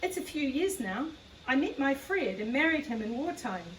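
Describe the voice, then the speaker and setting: A woman's voice: high voice, very animated, moderate pace, fairly bright tone, slight background noise. A woman reading the part of a talkative little Scottish farm wife and former nurse, with a light Scottish accent and a homely, chatty manner. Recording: echoey room, far from the mic.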